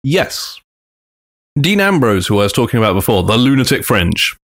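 A man's voice: medium pitch, normal speed. A man co-hosting a podcast, telling a story casually and acting out the quotes. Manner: animated, acts out quotes in big voices. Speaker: podcast co-host.

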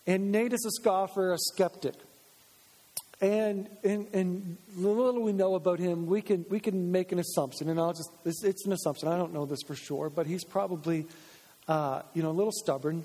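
A pastor with a mellow voice that sits high gives a conversational sermon, voicing the people he quotes. The recording, made in a church sanctuary, carries a long church reverb.

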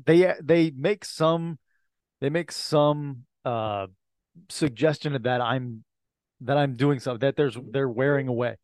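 A man's voice: mid-range voice, darkish tone, no echo, studio quality. Man chiming in with teasing questions. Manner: quick interjections and teasing questions. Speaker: podcast co-host. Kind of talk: casual chat.

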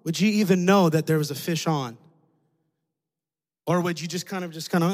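High-voiced preacher in a reverberant hall. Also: male voice, normal speed, pauses often. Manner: animated, conversational, acts out voices in a story. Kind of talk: sermon with storytelling.

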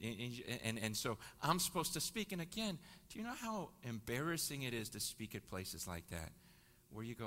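Animated storyteller man in a reverberant hall. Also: mid-range voice, normal speed, a little hiss or hum. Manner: animated storyteller, stammering restarts. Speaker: guest speaker. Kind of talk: storytelling sermon.

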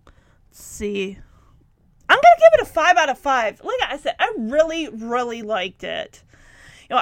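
Female vlogger, high animated voice, casual giggly episode recap, dry close sound. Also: no room sound. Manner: chatty, giggly, lots of fillers. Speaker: TV episode reviewer.

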